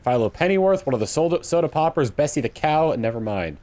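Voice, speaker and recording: A man's voice: a little high, big pitch swings, quick pace, dark tone. Man fumbling through live game commentary. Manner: fumbling, reading along with game lines. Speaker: streamer. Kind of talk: casual gaming commentary.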